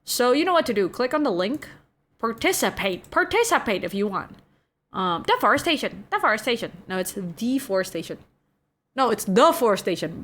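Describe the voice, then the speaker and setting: A young adult woman streaming, chatting casually with her viewers in a relaxed, drawling way, often saying "bro" and yawning. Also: mid-range voice. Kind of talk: casual chat with viewers, reading chat aloud.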